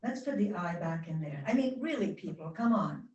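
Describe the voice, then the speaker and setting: A woman giving a spiritual talk to a congregation, guiding them gently and chatting with the audience. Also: on the low side, animated, moderate pace, recorded from a distance, dull audio. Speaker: guest speaker. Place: church hall. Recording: roomy hall sound from off-mic.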